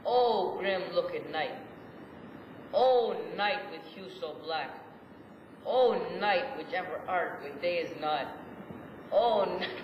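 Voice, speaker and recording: A man's voice: high voice, animated, takes it slowly, pauses often, dull audio. A young man playing lovesick Pyramus in an amateur rehearsal, declaiming in an overwrought mock-tragic way. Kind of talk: amateur Shakespeare rehearsal, goofing around. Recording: echoey room, far from camera, noisy.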